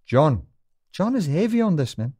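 Lively, emphatic male preacher. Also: a little high, normal speed, husky. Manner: emphatic, rising and falling with scripture quotes. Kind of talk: sermon.

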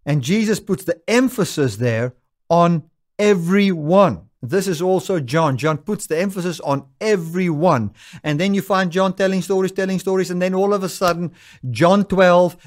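Lively, emphatic male preacher. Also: fairly high pitch. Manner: emphatic, rising and falling with scripture quotes. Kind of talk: sermon.

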